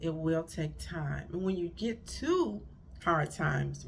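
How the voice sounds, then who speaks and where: A middle-aged woman talks straight into her phone, handing out blunt relationship advice in a chatty, rambling way and correcting herself as she goes. Her voice is low and gravelly. A faint hiss sits under the recording. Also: animated, takes it slowly. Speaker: marriage counselor and life coach vlogger. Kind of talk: casual advice monologue to camera.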